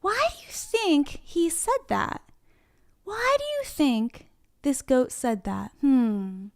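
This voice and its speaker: A woman's voice: very high voice, wildly swooping pitch, slow pace, vocal fry. A woman teaching a reading lesson to young children from her classroom, speaking encouragingly and directly to them. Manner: encouraging, talks straight to the children. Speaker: kindergarten teacher.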